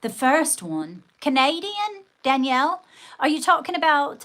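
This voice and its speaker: A woman's voice: sits high, very animated, measured pace, fairly bright tone. A woman hosting a casual livestream, chatting with viewers and thanking them, often calling them darling. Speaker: livestream host.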